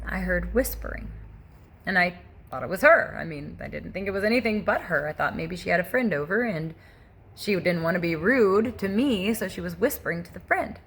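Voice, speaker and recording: Brief: middle-aged woman, low gravelly voice, earnest halting personal testimony. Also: fairly bright tone. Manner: earnest, halting, many restarts and asides. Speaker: testimony vlogger. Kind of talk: personal testimony, casual storytelling.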